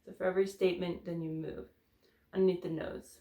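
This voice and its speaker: A woman's voice: fairly low pitch, level tone, fairly quick, dark tone. A woman leading a guided tapping session in a casual, candid way, swearing freely and sighing between statements. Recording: echoey room.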